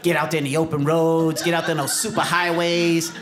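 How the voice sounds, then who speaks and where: Stand-up comic from New York, man, expressive storyteller, live room sound with a crowd. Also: fairly high pitch, fairly quick. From New York City. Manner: animated storytelling with put-on voices. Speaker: stand-up comedian. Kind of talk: stand-up comedy set. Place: theater stage with laughing audience. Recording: roomy live venue with audience noise. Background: audience laughter.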